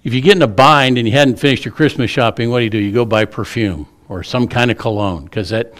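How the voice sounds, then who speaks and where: A man's voice: mid-range voice, quick pace, a bit bright. A middle-aged man, a pastor preaching a sermon in a church, telling stories in a folksy, humorous way. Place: church sanctuary.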